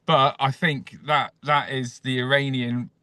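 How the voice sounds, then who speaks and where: A man's voice: medium pitch, little pitch movement, measured pace, noisy background. A man guesting as a comedian on a podcast, chatting crudely and swearing freely, breaking into ranting bursts. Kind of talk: casual comedic podcast chat.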